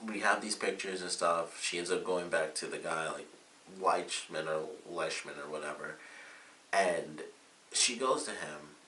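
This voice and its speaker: A man's voice: low-pitched, a little slow, sharp tone, far from the mic. A man giving a casual, rambling spoken review of a TV episode, full of fillers. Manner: rambling, chatty recap with many fillers. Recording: echoey room, away from mic, faint hiss.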